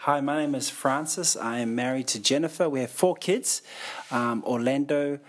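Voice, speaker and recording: A man's voice: mid-range voice, moderate pace. A middle-aged man with a New Zealand accent, a pastor speaking plainly and matter-of-factly as a podcast guest. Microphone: passed-around phone.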